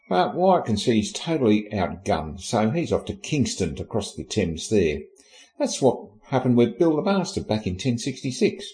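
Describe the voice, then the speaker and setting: A man's voice: mid-range voice, warm tone, rough recording. A man narrating history in an irreverent, comic way, cheeky and sweary with lots of slang.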